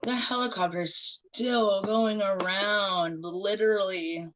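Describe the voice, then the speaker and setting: A woman's voice: medium pitch, steady tone, slow pace, a bit bright, lo-fi sound, slight background noise. A woman livestreaming in casual chat, talking bluntly with lots of swearing and mocking remarks.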